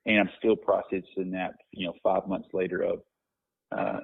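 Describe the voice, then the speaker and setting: Low husky man on a tinny line. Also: moderate pace. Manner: reflective, storytelling with many restarts and fillers. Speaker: guest minister. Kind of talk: conversational podcast interview.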